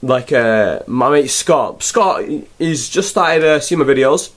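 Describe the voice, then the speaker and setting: A man's voice: mid-range voice, animated, takes it slowly. A young man reviewing a film in a rambling, sarcastic, casual way. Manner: rambling, sarcastic, full of fillers.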